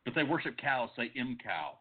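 A man's voice: medium pitch, sing-song, normal speed, husky. A man co-hosting a podcast, joking and bantering in casual chat. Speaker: podcast co-host. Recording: tinny phone-like audio.

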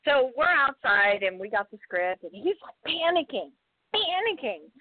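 An actress guest in a casual interview, telling a profane story in an animated way, with laughs. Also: female voice, high voice, normal speed, no echo. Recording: dry, tinny phone-like sound.

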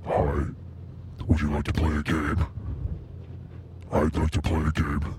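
A man's voice: extremely low pitch, monotone, a little slow, darkish tone, slight background noise, voice pushed down. A man using a voice modulator to play a whiny, insecure male Satan who complains about having feelings in a comic podcast bit. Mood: menacing. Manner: complaining, self-pitying.

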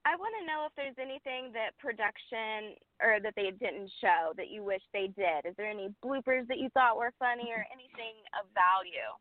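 A woman's voice: on the high side, normal speed, hardly any pauses, no echo. A woman co-hosting a podcast, asking questions and gushing in a giggly, casual way. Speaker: podcast co-host. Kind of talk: casual interview chat. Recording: dry phone-like line.

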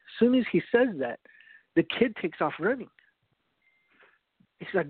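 A high-voiced man preaches earnestly, telling a story and often restarting his phrases. The sound is dry and narrow, like it came over a phone line. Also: very animated, normal speed, pauses often, slightly rough, dry recording. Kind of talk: evangelistic teaching talk.

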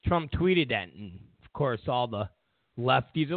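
A man's voice: mid-range voice, animated, a little slow, dry recording. A man hosting a political talk show, ranting bluntly and with profanity, mocking his opponents. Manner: blunt, profane, mocks opponents in whiny voices. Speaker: political commentary host. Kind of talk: ranting opinion monologue. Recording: tinny phone-like audio.

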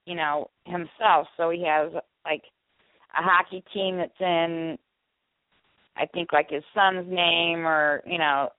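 Brief: lower-pitched woman co-host reading show announcements, brisk and chatty, on a tinny phone line. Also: steady tone, no echo. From St. Louis area. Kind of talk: casual chat on internet radio.

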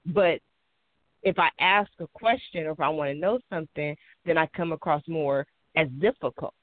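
A woman co-hosting a radio talk show in casual, animated conversation, laughing often and jumping in to clarify. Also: sits low, normal speed. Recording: tinny phone-like, dry.

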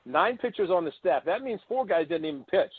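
An older ex-catcher, guesting on an interview show, delivers long, expressive anecdotes in a high, husky voice at a fairly quick pace, acting out the people he quotes. It all comes through a tinny, phone-like line.

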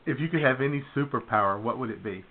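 Over tinny, phone-like audio, a male talk radio host keeps things casual, laughing easily as he rattles off upbeat quiz questions. He talks fast in a mid-range voice.

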